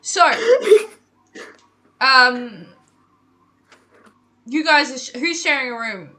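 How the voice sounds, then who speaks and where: Woman dungeon master, bright voice, hushed ominous narration for scenes. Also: high-pitched, animated, slow pace. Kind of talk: narrating a tabletop game over voice chat.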